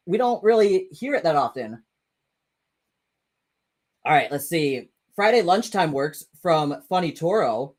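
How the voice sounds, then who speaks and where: A man's voice: a little high, rough recording. Man, livestream host, casual chat, rambling, self-correcting, swears freely. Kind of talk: casual live chat reading comments.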